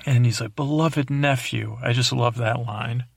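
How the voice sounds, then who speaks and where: A man's voice: mid-range voice, level tone, normal speed, creaky, slightly rough, no echo, clean studio sound. A man hosting a sleep podcast, rambling and meandering through an episode recap with drowsy, self-deprecating asides. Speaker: podcast host.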